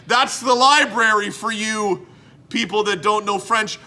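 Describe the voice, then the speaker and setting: A man's voice: sits high, unhurried, pushed and bright. A man hosting a comedy talk show, goofy and over the top. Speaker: host.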